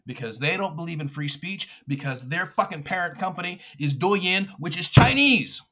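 Furious, bright-voiced man ranting. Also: fairly high pitch, moderate pace. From United States. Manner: furious, profane, shouting and mocking. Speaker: podcast host. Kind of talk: angry political rant.

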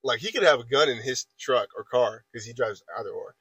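A man's voice: medium pitch, brisk, a bit bright, slightly rough, dry recording, low-quality recording. A man in his twenties casually telling a long story on a podcast, rambling and restarting his sentences as he retells an argument. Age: 20s. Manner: rambling, repeats filler phrases and restarts while retelling an argument.

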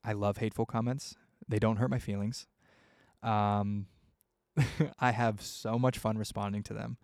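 A man's voice: fairly low pitch, fairly even intonation, unhurried, vocal fry, a little mellow, dry recording, clean studio sound. A young man hosting his own podcast, talking casually and heartfelt with lots of fillers and swearing. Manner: rambling, heartfelt, swears freely, many fillers. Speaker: podcast host. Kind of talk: casual solo podcast talk.

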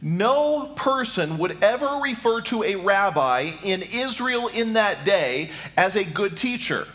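Middle-aged male pastor with a high, animated delivery; preaches by stacking rhetorical questions. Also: slow. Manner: repeats questions rhetorically, addresses listeners directly. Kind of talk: sermon.

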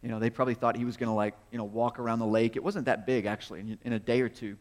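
A man's voice: mid-range voice, steady tone, racing. A man preaching a sermon in a conversational, storytelling way, asking rhetorical questions and chuckling as he goes. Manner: chuckles often while speaking. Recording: long reverb of a large hall.

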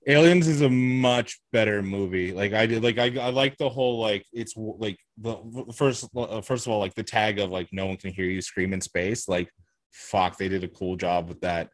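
A man with a fairly low voice, chatting casually on a podcast. He rambles and hesitates, circling back through fillers as he works out his point, and the sound is dry and close. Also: moderate pace, no room sound. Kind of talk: casual chat.

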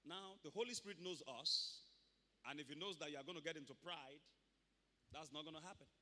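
A man preaching a sermon emphatically, with loud bursts. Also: on the high side, brisk. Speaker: pastor. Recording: long hall reverb.

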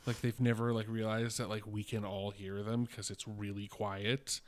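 Low smooth-voiced guy rambling on a podcast. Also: level tone, normal speed. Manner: rambling, heavy on fillers and swearing. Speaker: podcast co-host. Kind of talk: casual chat.

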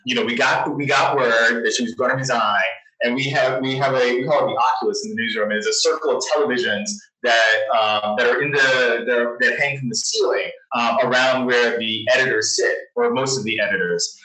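A man's voice: mid-range voice, fairly even intonation, brisk, pushed and bright. A man who works as a newspaper journalist tells a story in a casual interview, rambling with many restarts and frequent laughs. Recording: roomy distant mic.

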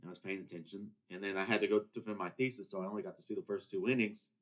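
A man's voice: deep voice, fairly even intonation, very fast. A young man hosting his own podcast, talking alone in a rambling, heated way with many restarts. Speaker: podcast host. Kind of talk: casual solo monologue.

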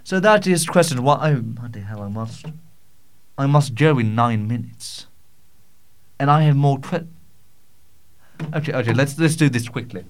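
A man's voice: medium pitch, animated, a little slow, pauses often. Stammering, rambling man host. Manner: rambling, self-mocking, frequent stammers and swearing. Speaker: podcast host. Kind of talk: casual solo Q&A chat. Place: small home studio.

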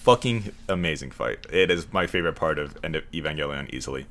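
A man co-hosting a casual podcast chat, rambling and swearing as he gets excited. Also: a bass voice, fast. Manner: rambling, profane, enthusiastic.

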